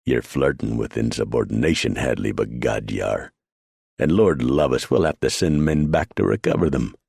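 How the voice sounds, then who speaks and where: A man's voice: rumbling low, moderate pace, gravelly, darkish tone, breathy edge, no echo, studio quality, heavily acted. A man voicing a blustering, bullying sergeant major, roaring orders. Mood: bellowing. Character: boisterous Irish army sergeant major, bullying.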